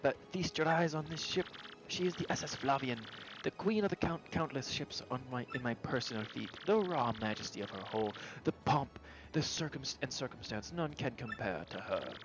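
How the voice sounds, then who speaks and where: A man's voice: medium pitch, animated, moderate pace, dull audio, over music, voice pushed up, natural voice. Man hamming up Flavio, pompous and grandiose. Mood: boastful. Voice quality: theatrical, florid and self-important. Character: pompous vain male ship-owner, grandiose.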